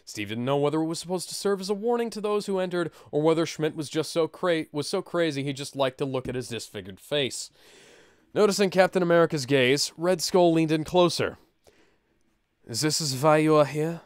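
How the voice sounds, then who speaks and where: Guy reading a book out loud on a podcast, wry deadpan asides, dead dry sound. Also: on the high side, brisk, smooth, no echo. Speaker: podcast host and reader. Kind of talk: reading a book aloud with banter.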